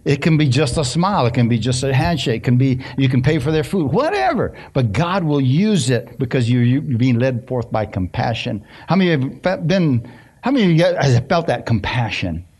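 A middle-aged pastor preaching a sermon in a conversational, storytelling way, often asking the congregation questions. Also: male voice, medium pitch, sing-song, normal speed, a little mellow, husky. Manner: conversational, asks the congregation questions, many restarts. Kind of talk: sermon with personal stories.

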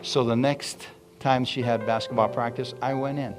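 A middle-aged man preaching with an animated, storytelling manner, his voice sitting at an ordinary middle pitch. He keeps calling out to the congregation between stories, while a guitar plays softly behind him. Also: moderate pace. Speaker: pastor. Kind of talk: sermon storytelling.

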